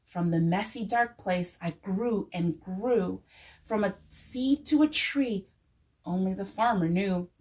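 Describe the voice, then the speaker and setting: A woman voicing a small, frightened seed as a child-like boy, pleading in a high, tearful voice in a storybook tale. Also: takes it slowly, a little mellow, close to an everyday voice. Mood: wondering.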